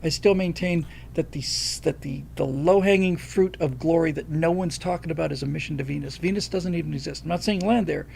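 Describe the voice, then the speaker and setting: A man's voice: on the high side, brisk, gravelly, few pauses, a little mellow, a little hiss or hum. An older man from the United States hosting a livestream, talking bluntly and emphatically, reading out and thanking viewer donations. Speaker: livestream host. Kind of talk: casual opinionated livestream talk.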